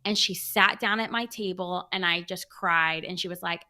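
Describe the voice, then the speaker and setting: Bright-voiced woman chatting and teasing. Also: on the low side, moderate pace. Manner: teasing, animated. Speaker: podcast co-host. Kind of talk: casual chat.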